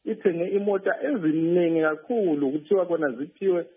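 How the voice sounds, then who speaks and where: A man's voice: on the high side, brisk, husky. Hesitant man reporting over a tinny phone. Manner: hesitant, many fillers and restarts. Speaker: field reporter. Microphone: telephone.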